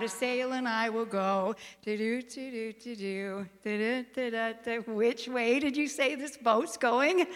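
A woman's voice: fairly high pitch, a bit bright. Woman doing whiny comic Jonah. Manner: whiny, comic, sing-song. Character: reluctant, panicky biblical man Jonah. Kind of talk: children's storytelling.

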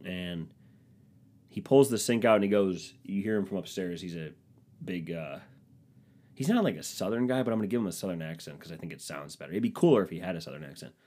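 Low-voiced, rambling, self-mocking podcast man. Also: brisk, darkish tone. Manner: rambling, self-deprecating, profane. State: stuffed, runny nose. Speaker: podcast host. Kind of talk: comedic solo podcast monologue.

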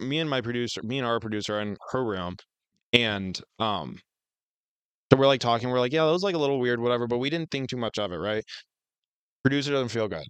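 A man's voice: mid-range voice, fairly bright tone, smooth, no echo. A man co-hosting a podcast, telling a long story in casual chat with lots of fillers and swearing. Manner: rambling, heavy on fillers and swearing. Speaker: podcast co-host.

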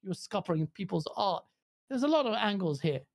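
A woman co-hosting a gaming podcast, talking bluntly in casual chat, swearing freely and jumping into high mocking quotes of other people. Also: animated, fairly quick, creaky, darkish tone. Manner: blunt, profane ranting. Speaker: podcast co-host.

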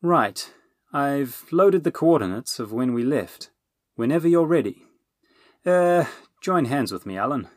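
A man voicing an impatient, bossy woman inventor who talks in a sharp, commanding way. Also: mid-range voice, animated, measured pace, no room sound, clean studio sound, voice pushed up, close to an everyday voice. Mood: brisk.

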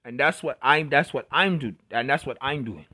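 A man's voice: medium pitch, normal speed, pushed and bright. A man giving a passionate, blunt, profanity-laced motivational rant to camera.

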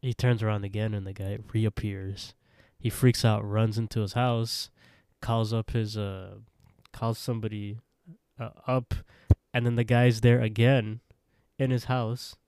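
A man's voice: fairly low pitch, flat delivery, measured pace, darkish tone, clear, resonant tone, no echo, studio quality. A man co-hosting a podcast, casually recapping an episode in a rambling way. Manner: rambling retelling with quoted voices and laughs. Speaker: podcast co-host.

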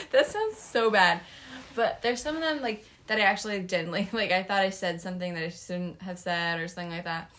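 A woman's voice: medium pitch, moderate pace, a bit bright. A young woman co-hosting a podcast in casual chat, rambling with lots of fillers and giggles. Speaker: podcast co-host.

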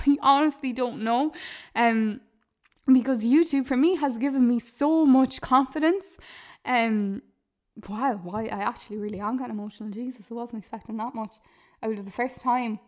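A woman, chatting earnestly on her podcast, laughing often and calling her listeners "lads". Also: a little high. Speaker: podcast host and YouTuber. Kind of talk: casual podcast chat.

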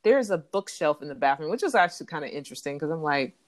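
A woman with a low voice talks through a TV episode in a relaxed, casual way, full of fillers and small restarts. The sound is dry and close, with no room around it. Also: fast talker, no room sound. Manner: relaxed, with many fillers and recaps. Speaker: podcast co-host recapping a TV episode. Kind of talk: casual chat.

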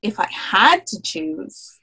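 A teenage girl co-hosting a casual podcast, earnest and quick to protest when teased. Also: mid-range voice, sing-song, sharp tone, breathy edge, low-quality recording. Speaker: podcast co-host. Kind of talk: casual chat among friends.

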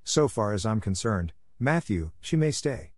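A man's voice: lowish voice, very animated, measured pace, a little mellow, dry recording, clean studio sound. A man reading a storybook aloud, voicing a stern, strict older spinster with a stiff, scolding manner.

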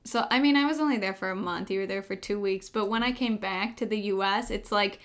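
A young woman with an everyday mid-range voice hosts a relaxed podcast chat. She is chatty, drifts into her own stories and laughs easily. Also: mid-range voice, fairly quick. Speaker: podcast host. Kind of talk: casual chat.

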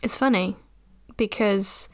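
A woman's voice: medium pitch, slow, darkish tone. A young woman hosting a podcast and recapping a film in a chatty, rambling, self-deprecating way. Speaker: podcast host.

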